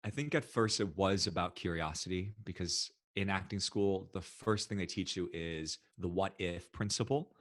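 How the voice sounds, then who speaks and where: A man as a podcast guest, telling personal stories in an animated, expressive way. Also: deep voice, normal speed, few pauses, no echo, studio quality. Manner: animated, expressive, acts out quoted voices. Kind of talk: casual storytelling interview.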